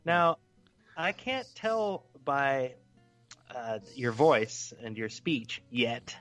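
A man co-hosting a casual comedic chat, loud and joking, swearing freely. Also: medium pitch, big pitch swings, very slow, faint music behind. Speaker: co-host.

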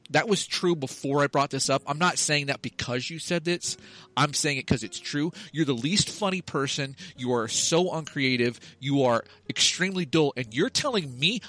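A man co-hosting a casual comedy chat, ranting and swearing through his stories with quick asides. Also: fairly high pitch, sharp tone. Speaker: podcast co-host.

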